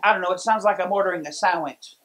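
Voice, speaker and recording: A man's voice: sits high, fast, low-quality recording. Storytelling male pastor preaching a sermon. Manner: storytelling, lively, many restarts.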